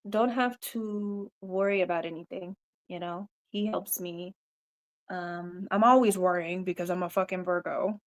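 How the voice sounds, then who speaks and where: Rambling, profane woman on a livestream. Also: medium pitch. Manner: rambling and profane, laughs often, many "you know" fillers. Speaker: livestream host. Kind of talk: casual live-stream chat.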